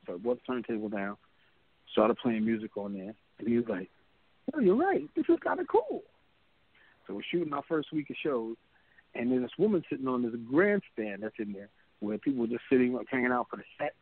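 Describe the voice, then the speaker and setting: A man in his fifties, an interview guest telling an animated story and acting out other people's lines in a higher voice. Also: fairly quick. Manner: acts out quoted people in a higher voice. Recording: tinny phone-like line.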